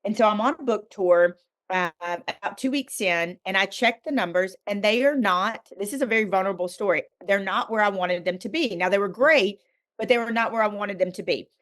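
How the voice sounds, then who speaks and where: A woman's voice: mid-range voice, a little fast, fairly bright tone. A middle-aged woman, a guest author on a podcast, telling a candid personal faith story with earnest emphasis.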